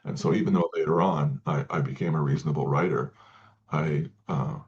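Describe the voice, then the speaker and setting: A man speaking as an interview guest, talking in halting sentences with many restarts and repeated words. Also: a bass voice, fairly even intonation, a little mellow, highs cut off. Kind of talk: casual interview talk.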